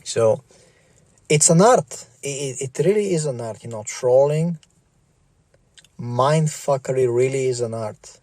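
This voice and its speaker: A man's voice: medium pitch, lively intonation, unhurried, long pauses, darkish tone, no echo. A middle-aged man ranting in a vlog, stammering, swearing and repeating himself. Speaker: vlogger. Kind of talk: profane ranting monologue.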